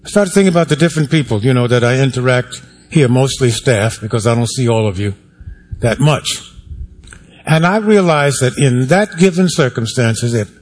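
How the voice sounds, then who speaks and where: A man's voice: mid-range voice, lively intonation, moderate pace. A male pastor preaching a sermon to his congregation in a wry, conversational way, asking for amens and hands raised. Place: church sanctuary.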